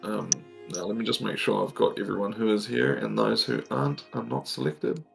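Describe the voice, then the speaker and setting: A man's voice: fairly low pitch, fairly even intonation, brisk, vocal fry, soft background music. A man narrating a tabletop game as dungeon master, hesitant and full of ums.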